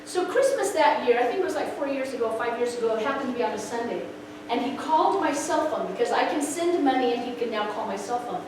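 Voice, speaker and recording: High, lively woman telling her testimony. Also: fast talker, hardly any pauses. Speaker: speaker sharing a personal testimony. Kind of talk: animated storytelling testimony. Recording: echoey room, far from the mic, background noise.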